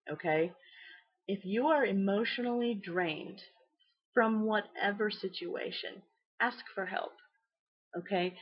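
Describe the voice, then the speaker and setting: A woman's voice: mid-range voice, husky. Chatty woman giving a tarot reading. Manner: chatty, rambling, frequent fillers and laughs. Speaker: tarot reader. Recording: slightly dull lo-fi audio.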